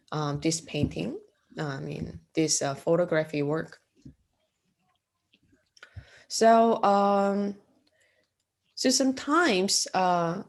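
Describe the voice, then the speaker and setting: Slow, hesitant woman teaching art. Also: on the low side. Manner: slow and hesitant, with frequent fillers and throat clearing. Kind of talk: lecture.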